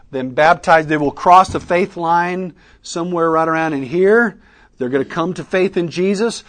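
A man teaching a conference workshop, asking the audience questions and pausing for their answers. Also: fairly high pitch. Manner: interactive, quizzing the audience with questions; Southern "y'all" in speech. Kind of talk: teaching session. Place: conference room with a live audience.

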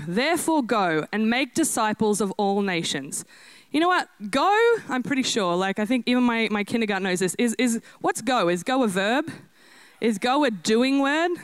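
Energetic woman preacher, bright and clear. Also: fairly high pitch, dry recording. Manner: lively, self-deprecating, animated preaching. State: out of breath. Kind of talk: energetic sermon.

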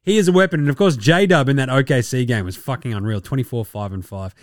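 An Australian man hosting a sports podcast, talking in a profane, joking, excitable way. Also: mid-range voice, fast talker, no room sound, clean studio sound. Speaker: podcast host. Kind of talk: casual sports commentary.

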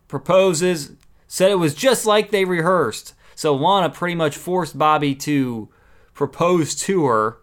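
A man's voice: a little high, smooth. A man giving a casual, opinionated recap of a wrestling show, with exasperated asides.

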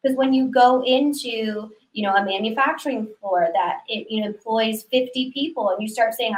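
A woman's voice: fairly high pitch, normal speed, few pauses, roomy sound, poor audio. A woman guest in a casual business talk, explaining her points confidently. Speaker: guest, digital transformation consultant.

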